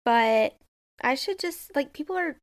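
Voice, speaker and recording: A woman's voice: sits high, animated, unhurried. A young adult woman hosting her own podcast, talking alone in a rambling, self-questioning way with lots of "like". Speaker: podcast host. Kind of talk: casual solo podcast monologue.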